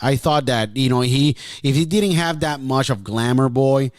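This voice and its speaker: A man's voice: medium pitch, moderate pace. A man hosting a casual interview, chiming in with short agreements and his own opinions. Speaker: interview host.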